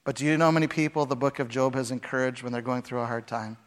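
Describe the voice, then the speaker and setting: A man preaching a sermon, with dramatic swings between loud, acted-out lines and hushed, quiet passages. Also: medium pitch, steady tone, fast. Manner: dramatic, acts out voices with big swings from shouting to hushed. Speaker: pastor.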